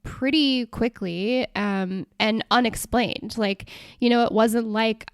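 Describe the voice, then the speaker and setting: A young woman talks through her own podcast in a loose, chatty way. She comes across as enthusiastic and expressive, with frequent "like" fillers. Her voice sits in an ordinary middle pitch and sounds dry, with no room around it. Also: slow pace, no room sound. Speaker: podcast host. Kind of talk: casual solo podcast talk.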